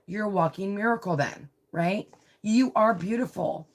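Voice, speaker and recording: A woman's voice: medium pitch, normal speed. A woman giving a live tarot reading, chatty and confiding, often checking in with "right?" and "you know". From Italian heritage. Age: adult with a child. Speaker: tarot reader.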